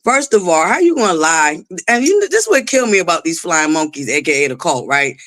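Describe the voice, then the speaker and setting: A woman's voice: sits low, big pitch swings, brisk, fairly bright tone, no echo. A woman hosting a casual livestream who greets chatters by name, laughs often and swears freely. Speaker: livestream host.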